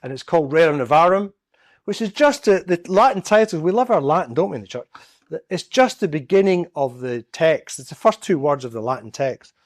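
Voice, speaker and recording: A man's voice: on the high side, expressive, fairly quick, no room sound, studio quality. A man from Scotland, giving a storytelling public talk as a guest speaker in a church. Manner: storytelling, acts out quoted voices.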